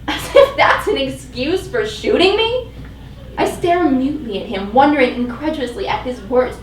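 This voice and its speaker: A woman's voice: on the high side, big pitch swings, moderate pace, slight background noise. A woman giving a dramatic, emotionally intense live reading of first-person fiction at a live event. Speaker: fiction reader. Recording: echoey live venue, mic at a distance.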